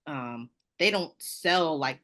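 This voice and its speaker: A woman author with a Southern American accent, telling stories in an animated, laughing way during an interview. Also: sits low, slow. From Southern United States. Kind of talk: conversational interview.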